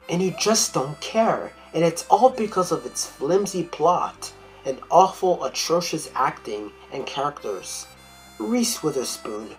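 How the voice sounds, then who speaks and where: A woman's voice: low-pitched, rough recording. A woman critic delivering a blunt, profane rant in a video film review.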